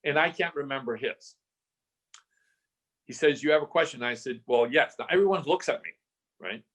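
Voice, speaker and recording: A man's voice: mid-range voice, moderate pace, a bit bright. An older man guest from Southern California telling a story in a podcast interview, acting out the voices he quotes and restarting his phrases often.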